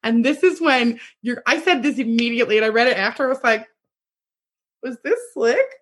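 Breathy high-voiced young woman telling a story. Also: fast. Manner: animated retelling with acted quotes and laughter. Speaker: podcast co-host. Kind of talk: casual chat, storytelling.

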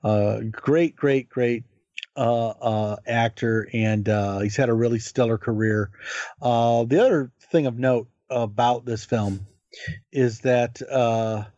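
A man co-hosting a podcast in casual chat about films, rambling and pausing on many filler words. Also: mid-range voice, fairly even intonation, warm tone, dry recording. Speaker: podcast co-host. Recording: dull, dry podcast audio.

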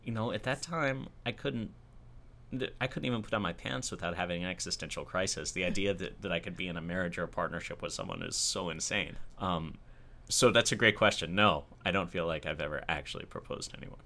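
Man, very low voice, bright and forceful tone, self-deprecating storyteller, casual chat. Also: brisk, gravelly. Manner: self-deprecating, animated retelling with laughs. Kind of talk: casual conversation, personal storytelling.

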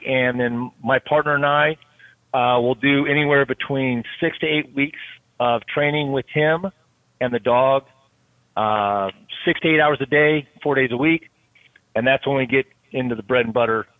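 Man, police K-9 handler, steady detailed explainer, thin phone-line sound, dry. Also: mid-range voice, no echo. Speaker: SWAT canine handler. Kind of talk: casual podcast chat.

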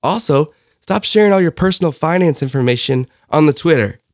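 A man's voice: on the high side, fairly quick, dry recording, clean studio sound. A man in his thirties delivering a sarcastic, ranting comic monologue as host. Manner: sarcastic, ranting, deadpan asides. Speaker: comedy show host.

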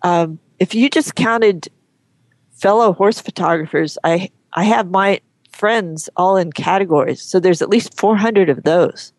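A woman guest on an interview show, talking frankly and chattily, often pausing and restarting her sentences. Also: lowish voice, dry recording. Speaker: guest, horse photographer. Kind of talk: casual interview chat.

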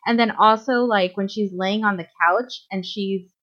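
A woman's voice: mid-range voice, fairly even intonation, moderate pace, a bit bright. A woman co-hosting a podcast in an easygoing, rambling way, full of "um"s and "you know"s as she restarts her sentences. The audio is a little dull and lo-fi. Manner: chatty, many fillers and restarts. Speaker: podcast co-host. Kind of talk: casual fan chat.

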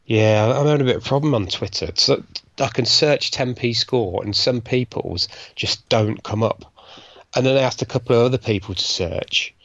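A man's voice: medium pitch, normal speed, fairly bright tone, no echo. Easygoing man, dull dry sound. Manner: easygoing, self-deprecating. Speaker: podcast co-host. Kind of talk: casual chat reading listener scores.

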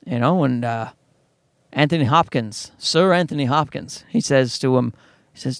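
In a parking garage, a man in his thirties who works as a comedian and podcast host rambles through a casual comic monologue, animated and full of profanity. His voice is medium-pitched at a moderate pace, with clean studio-quality sound and no echo.

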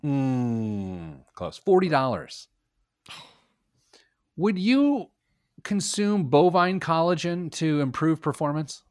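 A man's voice: fairly high pitch, slow pace, pauses often, clear, resonant tone, dry recording, studio quality. A man hosting a personal finance show, reading news items with playful emphasis and joking with his co-host. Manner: animated, jokey, reads items with playful emphasis. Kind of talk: casual radio show banter.

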